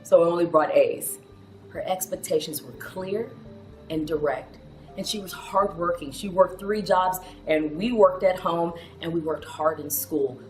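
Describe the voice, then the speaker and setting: Chatty woman with a low voice. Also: measured pace, roomy sound, faint music behind, low-quality recording. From Houston, Texas, with Ghanaian roots. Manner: chatty, animated, laughs often. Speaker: TV news anchor. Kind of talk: personal storytelling to camera.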